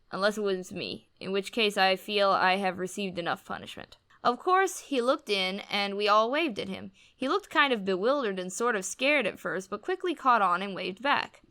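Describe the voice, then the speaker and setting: A woman's voice: medium pitch, pushed and bright. A woman reading a first-person blog post aloud with wry, amused storytelling. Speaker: reader on a commentary channel.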